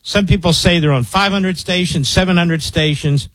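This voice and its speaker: Man, radio host, husky voice, dry close mic, emphatic. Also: sits high, normal speed, fairly bright tone, dry recording, poor audio. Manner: boastful, emphatic storytelling. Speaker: radio talk show host. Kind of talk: talk radio monologue.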